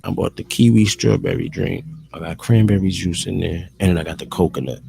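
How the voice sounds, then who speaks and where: Gravelly man rambling casually on a stream. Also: low voice, fairly quick, mellow. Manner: loose, profane, talks to himself and viewers. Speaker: live streamer.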